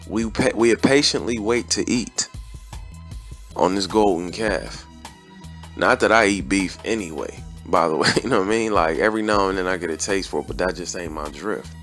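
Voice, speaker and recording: Deep-voiced guy running his channel, blunt preachy rant, lots of slang, faint music behind. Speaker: channel host. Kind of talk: casual opinion rant.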